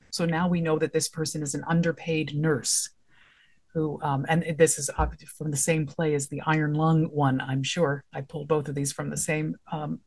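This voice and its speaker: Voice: mid-range voice, slightly rough. Conversational writing teacher explaining with examples. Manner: conversational, explains through example lines and questions. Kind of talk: casual instructional talk.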